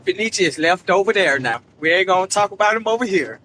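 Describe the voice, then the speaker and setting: A man's voice: high voice, expressive, fast, bright, forceful tone, slight background noise, rough recording. A man guest, chatting eagerly and stumbling over his words. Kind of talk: casual chat.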